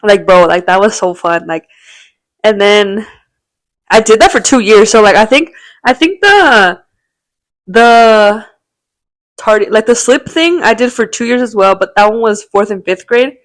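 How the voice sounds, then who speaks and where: A woman's voice: mid-range voice, animated, unhurried, long pauses, dry recording. A young woman in her twenties, a podcast co-host telling long rambling stories in slangy casual chat, full of "bro" and swearing.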